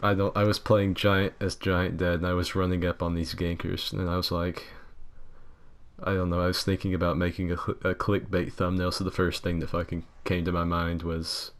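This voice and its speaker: A man's voice: deep voice, flat delivery, normal speed. A man hosting a podcast in casual, crude, joking chat, swearing freely. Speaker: podcast host.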